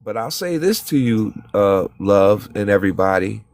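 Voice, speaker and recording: A man's voice: lowish voice, animated, normal speed. A man in a heated group talk, preaching and telling stories with acted-out quotes and some cussing. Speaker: panelist. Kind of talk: impassioned group discussion.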